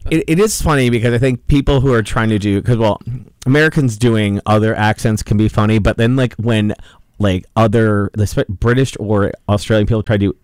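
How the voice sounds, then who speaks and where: Chatty low-voiced male radio host. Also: brisk, a little mellow, smooth, no room sound. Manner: chatty, laughs often, mimics accents. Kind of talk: casual radio banter. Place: radio studio. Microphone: studio mic.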